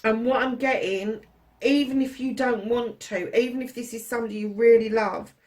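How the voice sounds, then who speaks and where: Woman doing a tarot reading, kinda high voice, blunt, swears a lot, calls you darling. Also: fairly even intonation, normal speed, a little mellow. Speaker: tarot reader. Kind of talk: casual tarot reading monologue.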